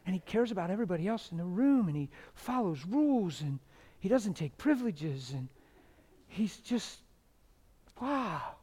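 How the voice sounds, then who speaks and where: A middle-aged pastor delivers a sermon full of passionate storytelling, swinging between loud exclamations and hushed quiet. His husky, high voice leaps widely in pitch at a moderate pace.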